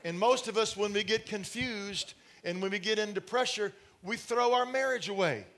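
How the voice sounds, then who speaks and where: A man's voice: high voice, moderate pace, fairly bright tone. A middle-aged man preaching a sermon to a congregation, telling stories with laughs and asides. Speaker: pastor. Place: church in front of a congregation.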